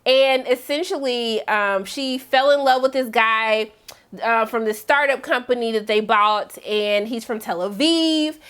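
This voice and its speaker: High-voiced animated woman recapping TV. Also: unhurried, clear, resonant tone. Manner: chatty and animated, with big pitch swings and playful asides. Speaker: TV recap host. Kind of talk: casual TV recap commentary.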